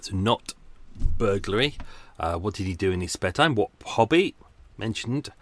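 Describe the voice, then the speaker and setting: Animated and a bit bright, his fairly low voice moves at a moderate pace as he hosts his own true crime podcast alone. The monologue is loose and casual, packed with fillers, swearing and self-mocking remarks, and he's flagging from the heat.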